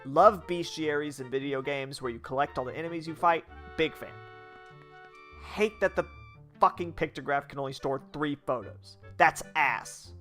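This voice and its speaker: A man's voice: fairly high pitch, fairly bright tone. A man giving casual gameplay commentary as a streamer, rambling and blunt, swearing freely.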